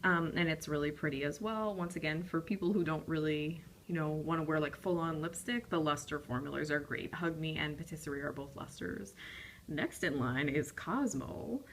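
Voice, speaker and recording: Chatty young woman, slightly low voice. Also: normal speed, a little hiss or hum. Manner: chatty, rambling, many ums and apologies. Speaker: beauty vlogger. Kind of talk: casual lipstick swatch review.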